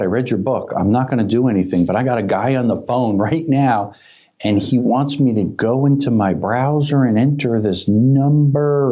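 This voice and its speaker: Security-expert guest, male, warm low-bright tone, lively storyteller, slightly muffled recording. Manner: animated storyteller who acts out quoted dialogue. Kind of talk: conversational podcast interview.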